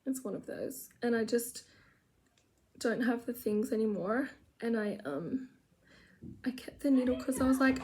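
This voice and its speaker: A woman's voice: fairly high pitch, normal speed, dark tone. A woman who has children, chatting loosely and self-mockingly while doing her makeup in her room at home. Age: adult with children. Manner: rambling, chatty, self-mocking, drops to mutters. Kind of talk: casual get-ready-with-me chat.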